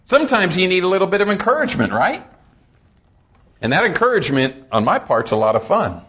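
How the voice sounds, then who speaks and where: A middle-aged man preaches in a church with a high voice. He has a folksy, humorous way of telling stories. The recording sounds dull and lo-fi. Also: sing-song, a little fast, a bit bright. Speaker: pastor. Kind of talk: sermon.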